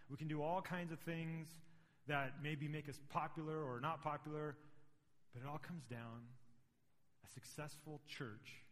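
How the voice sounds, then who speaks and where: A man's voice: a little high, fairly bright tone. A middle-aged man preaching a sermon as pastor, conversational and building to emphatic points. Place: church sanctuary. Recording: long reverb of a large hall.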